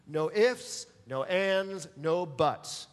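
A man's voice: a little high, extremely slow, big-room sound. A man preaching a sermon as pastor, emphatic and pressing his listeners to answer back. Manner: emphatic, calls for audience response.

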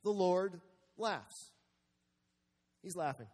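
A man's voice: high-pitched, a little slow, long reverb tail. A male pastor preaching a sermon, emphatic and full of rhetorical questions, sometimes acting out God's voice. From United States. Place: church sanctuary.

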